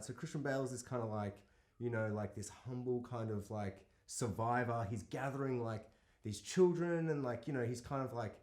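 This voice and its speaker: A man co-hosting a casual film discussion podcast, animated and incredulous, swearing and acting out lines from the film. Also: mid-range voice. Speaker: podcast co-host. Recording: echoey room.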